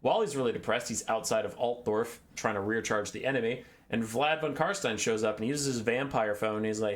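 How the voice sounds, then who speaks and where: A man's voice: quick pace, hardly any pauses. Irreverent, profane male gaming host. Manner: irreverent and profane, digressive, with swings in pitch. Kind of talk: casual video game lore recap.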